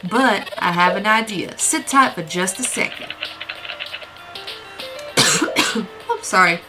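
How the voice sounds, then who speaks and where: A woman's voice: medium pitch, lively intonation, takes it slowly, low-quality recording. A woman hosting a let's play, hesitating and correcting herself as she picks her moves. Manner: hesitant, self-correcting when choosing. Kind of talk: casual game commentary. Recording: game music behind.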